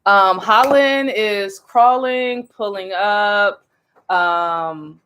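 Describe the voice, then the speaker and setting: A woman's voice: mid-range voice, very slow, fairly bright tone, clean tone. A woman co-hosting a family vlog as a parent, upbeat and teasing, directing her kids on camera. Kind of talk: casual family chat.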